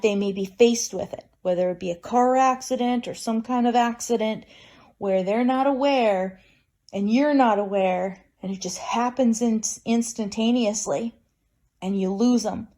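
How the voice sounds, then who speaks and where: Woman vlogger, fairly high voice, bitter and emphatic, wry laughter; personal monologue. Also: moderate pace, warm tone. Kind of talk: emotional personal vlog monologue.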